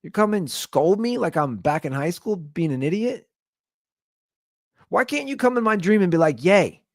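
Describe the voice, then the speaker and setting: A man in his thirties hosting his own podcast, telling stories in a casual comedic rant and jumping into high-pitched quoted voices. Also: big pitch swings, moderate pace, no echo, studio quality. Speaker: podcast host.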